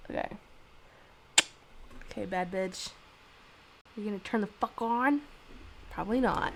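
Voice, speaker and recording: A woman's voice: medium pitch, a little slow, vocal fry, long pauses, a little hiss or hum, poor audio. A young woman vlogging alone, talking to herself in a casual, swear-heavy, dramatic way while she fights with her camera setup and sings snatches of songs. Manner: chatty, swears freely, dramatic complaints. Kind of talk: casual solo vlog with singing.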